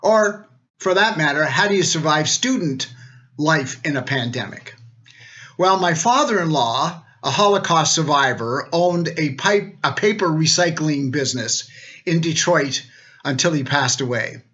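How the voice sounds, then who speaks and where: Slow dry-humored older man. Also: fairly high pitch, expressive, bright, forceful tone, dull audio. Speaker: retired law dean giving a greeting. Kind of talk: humorous recorded greeting.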